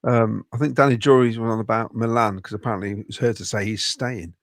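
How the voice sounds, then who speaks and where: A Coventry man from England's Midlands speaks briskly in a fairly low, steady voice while co-hosting a football fan podcast. He reads out comments from viewers and throws in chatty asides. The studio sound is clean, with no echo.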